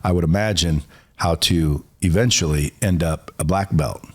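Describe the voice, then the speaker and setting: Deep-voiced male podcast host. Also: moderate pace, husky. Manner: asks short probing questions. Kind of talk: casual podcast chat.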